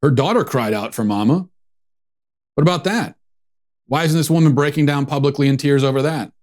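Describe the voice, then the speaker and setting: A man's voice: on the high side, brisk, darkish tone. Sarcastic male political commentator. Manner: sarcastic, mocking. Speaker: host.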